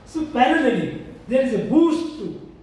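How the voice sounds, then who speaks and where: A man's voice: very high voice, sing-song, normal speed, a little mellow. A man giving a formal public speech to an audience, emphatic and lecturing, repeating key phrases for weight. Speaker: public speaker addressing an audience. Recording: echoey hall, distant mic, faint noise.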